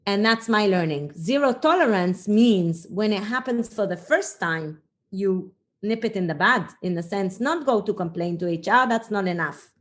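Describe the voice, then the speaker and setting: A middle-aged woman speaks as a podcast guest, reflective and earnest as she works through her own story. Her voice sits at an ordinary middle pitch and often pauses on small fillers while she gathers her thoughts. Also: expressive. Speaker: podcast guest, leadership coach. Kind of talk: conversational interview storytelling.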